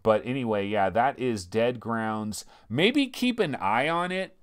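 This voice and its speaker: A male host reviews VR games in a loose, slangy way and slips into rants. His pitch swings widely and climbs high when he gets worked up. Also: measured pace, clean tone. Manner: animated, ranting, slangy. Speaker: VR game show host. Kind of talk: casual game review talk.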